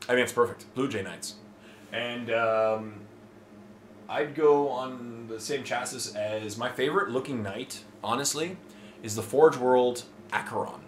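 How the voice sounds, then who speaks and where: A man's voice: mid-range voice, measured pace, a little hiss or hum. A man from Toronto hosting a casual Q&A, chatty and enthusiastic, rambling with fillers. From Toronto, Canada. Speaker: host answering viewer questions. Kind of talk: casual chat. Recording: roomy with faint ambience.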